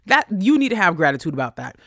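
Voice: sing-song, quick pace, bright, forceful tone, no room sound. Young podcast host ranting, swears a lot, sassy and blunt, voice jumps way up when fired up, dry sound. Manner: blunt, profane and sassy, with big swings in pitch. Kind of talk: casual ranting monologue.

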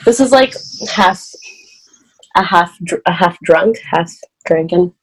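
A woman's voice: lowish voice, animated, takes it slowly. A woman guest on a podcast in casual chat, giggly and laughing often. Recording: noisy home recording.

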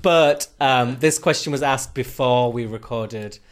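A man's voice: medium pitch, unhurried. A man co-hosting a podcast in casual chat, laughing often and reading listener questions aloud. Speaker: podcast co-host.

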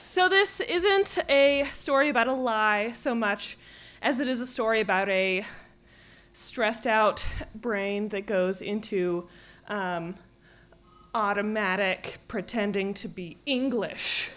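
A woman's voice: medium pitch, slow, fairly bright tone. A woman telling a funny personal story on stage at a live event, self-mocking and often laughing through her words.

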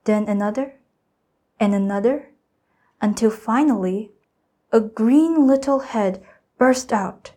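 A teenage student girl reading a children's storybook aloud, careful and expressive. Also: a little high. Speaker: student reader.

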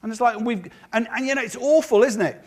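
A man preaching a sermon as a pastor, lively and acting out the words of others. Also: very high voice, brisk. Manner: lively, acts out quotes of others.

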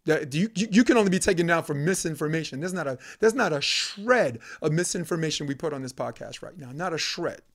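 A man's voice: a little high, animated, fairly quick, hardly any pauses. A man from Brooklyn, a podcast guest ranting heatedly and profanely, hammering points through repetition. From Brooklyn, New York. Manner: profane, emphatic, repeats phrases for emphasis. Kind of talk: heated conversational rant.

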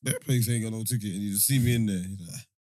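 A young man telling a story in casual chat, animated and full of slang fillers. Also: lowish voice, quick pace.

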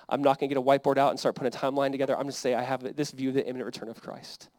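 Fast-talking pastor preaching with earnest energy. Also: male voice, mid-range voice, steady tone, a little mellow, dry recording. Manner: earnest, conversational preaching with quick asides and repeated phrases. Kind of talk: sermon.

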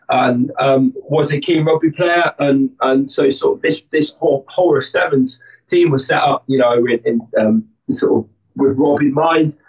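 Rambling man, muffled and distant. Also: medium pitch. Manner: rambling, many restarts and fillers. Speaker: guest, army instructor. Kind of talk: casual interview storytelling.

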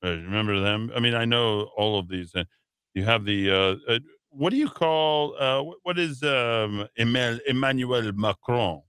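A man's voice: medium pitch, moderate pace, a bit bright, smooth, no room sound. A man hosting a talk radio show in a studio, reading news headlines and wandering into rambling asides with lots of filler words. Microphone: studio microphone.

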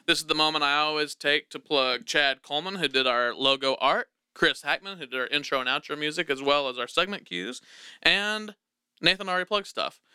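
A man's voice: a little high, a little fast, sharp tone, clean tone, dry recording, studio quality. Upbeat man hosting a podcast. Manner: upbeat, jokey, laughs often. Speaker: podcast host. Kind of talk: casual podcast chat. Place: podcast studio.

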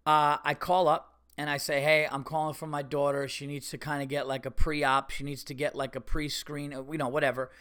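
A man hosts his show alone, ranting about a rude exchange with plenty of swearing. His voice is bright and sharp, pitched a little high. He slips into imitations of the people he quotes. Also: level tone, a little fast, few pauses, clean tone. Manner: profane, heated, mimics others' voices. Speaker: podcast host. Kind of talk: ranting monologue.

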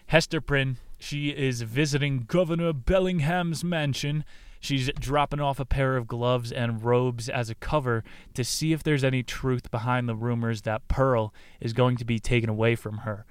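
A man talks through a book summary in a loose, irreverent way, tossing in crude jokes and laughing asides. His voice is smooth and clear at a middle pitch. It is recorded dry inside a car, with no echo. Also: fairly even intonation, normal speed. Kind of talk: casual chat.

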